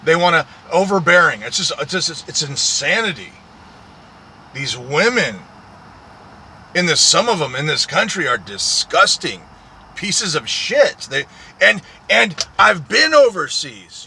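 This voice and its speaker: A man who drives a truck rants in a profane, repetitive, aggrieved monologue. His voice is bright and sharp, with pitch that swings up and down a lot. Faint street and vehicle noise sits behind him. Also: very animated, unhurried. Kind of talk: ranting monologue.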